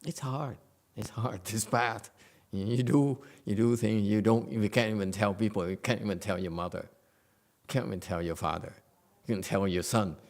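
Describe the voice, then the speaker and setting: A man's voice: on the low side, moderate pace, a little mellow. A man giving a blunt, joking dharma lecture as a Buddhist master at a meditation center. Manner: blunt, joking, repeats for emphasis.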